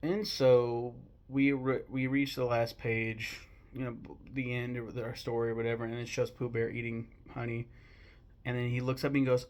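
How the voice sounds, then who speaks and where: Young American guy, gravelly, mid-pitched, blunt and sweary, casually ranting about movies. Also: little pitch movement, normal speed. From United States. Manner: blunt, profane and rambling, with bursts of mock outrage. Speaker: host ranking films. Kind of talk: casual opinion talk.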